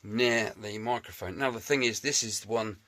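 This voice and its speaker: A man's voice: lowish voice, normal speed, fairly bright tone. A man with a chatty, jokey, self-mocking manner, talking casually to camera as he works in his home shed restoring a scooter. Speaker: motorbike restoration vlogger.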